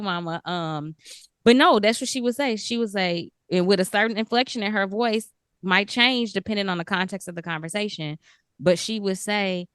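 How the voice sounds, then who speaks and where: A woman co-hosting a podcast interview, expressive and emotional. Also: mid-range voice, moderate pace, clear, resonant tone, dry recording, studio quality. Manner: emotional, expressive, talks through tears. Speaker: podcast co-host. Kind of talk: casual interview chat.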